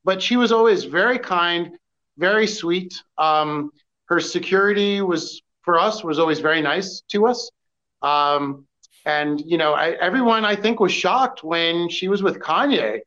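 A man with a slightly raised voice recalls his paparazzi years in a relaxed chat. He keeps stopping and restarting his sentences, and the recording sounds somewhat dull. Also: high voice. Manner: halting, many fillers and restarts. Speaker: former paparazzi photographer guest. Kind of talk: casual podcast storytelling.

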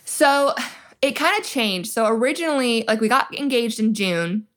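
A woman's voice: a little high, lively intonation, moderate pace, a bit bright. A young woman, a military spouse guest on a podcast, telling her story animatedly and acting out quoted dialogue with lots of "like". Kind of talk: casual storytelling interview.

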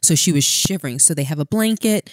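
Animated woman telling a story. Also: quick pace, no room sound, clean studio sound. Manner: animated, laughing, acts out quotes in high squeals. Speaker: podcast co-host. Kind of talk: casual storytelling chat.

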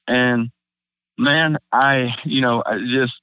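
Young guy, halting and near tears, smooth voice, tinny phone-like line. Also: mid-range voice, steady tone, dry recording. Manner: halting, many restarts and fillers, near tears. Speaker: guest. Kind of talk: emotional personal storytelling. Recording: phone-like narrow band, dry.

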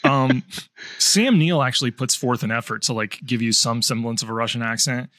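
A man co-hosting a film podcast, talking fast with many restarts and fillers. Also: medium pitch, fairly bright tone, no echo, clean studio sound. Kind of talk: casual film discussion.

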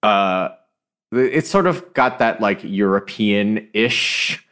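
A man's voice: lowish voice, expressive, slow, a bit bright, clear, resonant tone. A man co-hosting a podcast in casual chat, rambling with restarts and laughing often. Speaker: podcast co-host.

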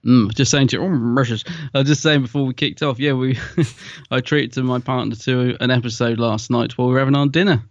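A man co-hosting a fan podcast, chatty and quick to laugh. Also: medium pitch, steady tone, no echo, highs cut off. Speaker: podcast co-host. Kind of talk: casual chat.

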